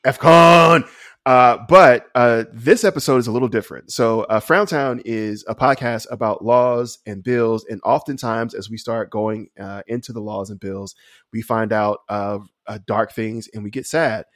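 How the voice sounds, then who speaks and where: A man co-hosts a comedy podcast in a casual, rambling way, laughing often and filling gaps with hesitations. His voice sits at an ordinary pitch. The sound is dry and close. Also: fairly even intonation, normal speed, a bit bright, no room sound. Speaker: podcast co-host.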